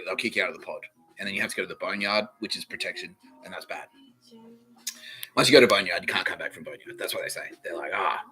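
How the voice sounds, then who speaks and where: A man's voice: lowish voice, fast talker, pauses often, sharp tone, rough recording. A man from Australia, hosting a podcast, telling a rambling story in a casual, profane way, laughing often and acting out the people he quotes. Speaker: podcast host.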